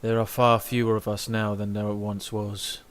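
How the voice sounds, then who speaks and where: A man's voice: lowish voice, flat delivery, normal speed, a little hiss or hum. Chatty young man streaming a game. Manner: chatty, rambling, reads game text aloud. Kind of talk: casual live gameplay commentary.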